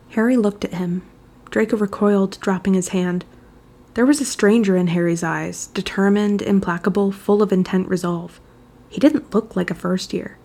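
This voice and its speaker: A woman narrating a fan fiction chapter aloud, reading in an even, measured storytelling manner. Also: medium pitch.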